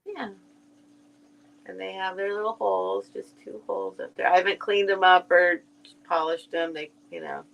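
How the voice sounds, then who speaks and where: Woman, sale stream co-host, gravelly edge, chatty, thinking out loud. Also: mid-range voice, normal speed, low-quality recording. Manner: chatty, musing aloud about items. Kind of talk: live-stream sale chat.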